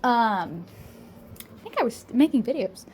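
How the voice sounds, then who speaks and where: A woman talks at home into her phone, rambling and chatty as she keeps tagging "okay?" onto her points. She sounds slightly out of breath, and her voice sits a little high. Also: very animated, measured pace, a little mellow, slight background noise. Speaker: VTuber and artist. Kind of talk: casual vlog chat.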